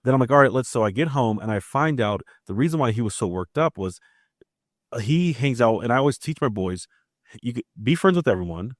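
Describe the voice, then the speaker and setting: This podcast host from Maryland talks casually through family tales, voicing each character's lines himself. He speaks briskly and expressively at medium pitch, and the studio-quality recording is dry.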